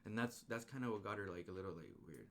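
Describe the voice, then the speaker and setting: A man casually retelling a film's plot in a rambling, animated way, full of slang and restarts. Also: fairly low pitch, fast, slight background noise. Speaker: movie reviewer. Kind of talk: casual spoiler movie recap.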